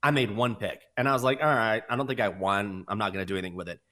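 A man's voice: fairly low pitch, fast talker. A man co-hosting a sports betting podcast, chatting casually and telling stories with mocking voices. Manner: animated storyteller, mocking voices.

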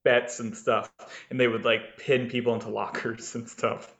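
A man's voice: medium pitch, flat delivery, moderate pace, fairly bright tone, echoey room. A man co-hosting a podcast, rambling casually with lots of fillers and frequent laughs. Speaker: podcast co-host. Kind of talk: casual chat. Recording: slightly dull lo-fi sound.

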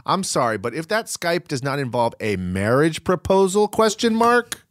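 Sarcastic man with a lively, swinging voice. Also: mid-range voice, moderate pace, no echo, clean studio sound. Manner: sarcastic, animated, swings up into mock outrage. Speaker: podcast co-host. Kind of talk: casual chat recapping a TV show.

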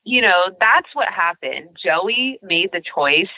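A woman co-hosting a casual podcast chat about a TV episode, talking in an animated way, full of "like" and "you know". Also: lowish voice, takes it slowly, no room sound, narrow, tinny audio. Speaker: podcast co-host.

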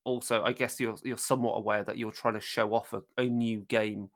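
Creaky-voiced man chatting casually. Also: fairly low pitch, level tone, fairly quick. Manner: rambling, many fillers and self-corrections. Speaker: podcast co-host. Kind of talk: casual podcast chat about tabletop games.

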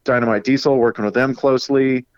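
Laughing, animated male race driver. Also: mid-range voice, smooth, no echo, highs cut off. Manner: animated storyteller, quick laughs. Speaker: racing driver guest. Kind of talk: casual podcast interview.

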